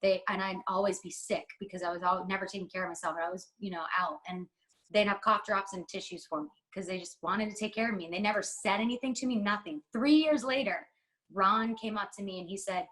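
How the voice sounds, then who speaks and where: A woman guest on a podcast, speaking in a heartfelt, emphatic way. She rambles, restarts and stresses her words as she talks openly in an interview. Her pitch sits in an ordinary middle range for a woman. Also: steady tone, brisk, pushed and bright, low-quality recording. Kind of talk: candid interview talk.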